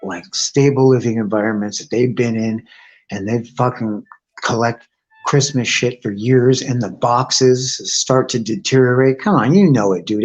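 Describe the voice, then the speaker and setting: A man hosting a live stream, telling rambling profane stories in a casual chat. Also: medium pitch. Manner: crude, rambling, animated storyteller. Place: home, outdoors nearby.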